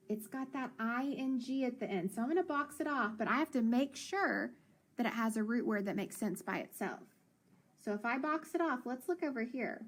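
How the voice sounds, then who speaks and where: A woman teaching a phonics lesson to children, sounding out letters and words slowly and clearly. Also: a little high.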